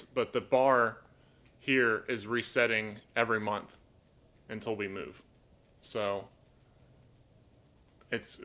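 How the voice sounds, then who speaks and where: Chatty low-voiced man live-streaming at home. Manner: chatty and rambling, reads donor comments aloud, talks softly to his bird. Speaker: live-stream host and toucan owner. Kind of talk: casual live-stream chat. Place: at home indoors.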